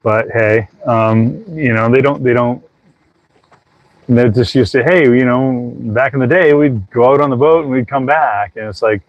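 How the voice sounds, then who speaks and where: A man's voice: mid-range voice, normal speed, no echo, dull audio. A man co-hosting a casual chat aboard a sailboat, rambling as he tells a story and acts out what others said. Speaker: podcast co-host.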